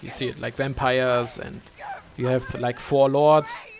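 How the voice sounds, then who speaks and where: A young man streams a game and rambles through casual commentary in a mid-range voice with little pitch movement. His speech is halting, packed with fillers and restarts, and he swears.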